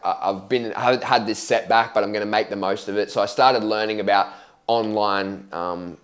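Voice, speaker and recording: Candid young man with a low voice. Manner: candid, slangy, swears freely, acts out his own past reactions. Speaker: vlogger telling his life story. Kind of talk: casual storytelling to camera.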